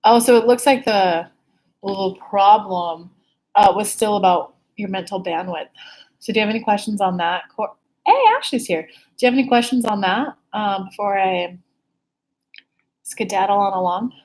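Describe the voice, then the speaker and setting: A woman's voice: mid-range voice, normal speed, darkish tone. A woman working as an intuitive life coach, chatting casually on a live stream and answering viewer questions, candid, swearing freely, with whooping exclamations.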